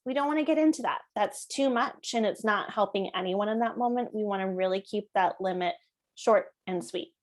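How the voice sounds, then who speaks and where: Woman, parenting educator; calm, conversational delivery, frequent check-ins with listeners. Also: medium pitch, normal speed. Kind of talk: explanatory talk to parents.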